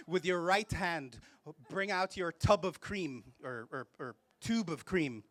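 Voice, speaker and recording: A man's voice: a little high, slow, fairly bright tone. A man leading a laughter yoga workshop for a live group, playful, giving step-by-step instructions between bursts of laughter and cheers. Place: festival event space with a live audience.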